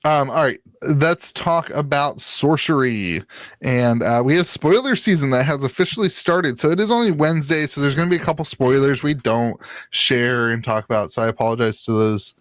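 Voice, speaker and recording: An Ohio man co-hosts a casual trading card game podcast in a mid-range, slightly bright voice at a moderate pace. He rambles and jokes, packing his speech with fillers. The recording has no echo.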